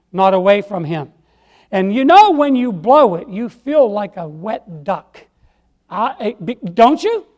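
High-voiced man preaching folksy sermon. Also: darkish tone. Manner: folksy, emphatic, repeats phrases, asks "Amen?". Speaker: lay preacher. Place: church.

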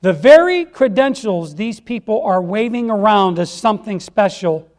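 A man's voice: high voice, lively intonation, moderate pace, darkish tone. A man preaching a sermon in church, folksy and emphatic, repeating phrases and asking the congregation "Amen?". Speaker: lay preacher.

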